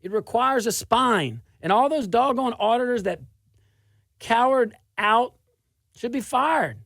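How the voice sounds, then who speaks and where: A middle-aged man from South Louisiana hosts a political talk show with a gravelly edge to his voice. He delivers an animated, sarcastic monologue and often laughs at his own points. The recording is dry and close. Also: very high-pitched, measured pace, no echo.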